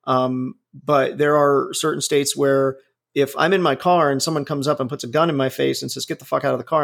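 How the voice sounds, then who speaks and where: A man's voice: a little high, vocal fry, fairly bright tone. A man in his forties giving his opinions in casual talk, blunt and profane, rambling with frequent restarts. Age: 40s.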